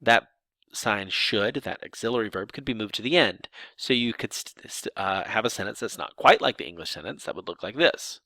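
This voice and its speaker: A man's voice: fairly low pitch, normal speed, gravelly, no room sound. A man teaching sign language grammar, explaining examples step by step with some restarts. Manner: lively explanatory delivery with restarts.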